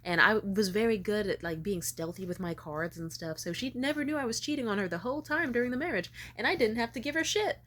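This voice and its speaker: A woman's voice: mid-range voice, fast, hardly any pauses, a bit bright. Sarcastic, swearing young woman ranting. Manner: profane, sarcastic, exasperated. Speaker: vlogger. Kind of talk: casual storytime rant.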